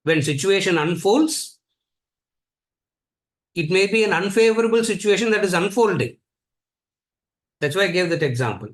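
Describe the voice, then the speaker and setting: A man's voice: high voice, animated, normal speed, pauses often. Man, Indian accent, spiritual teacher, lecture with questions, emphatic, repeats himself, playful. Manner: repetitive, emphatic, teasing with students. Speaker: Vedanta teacher.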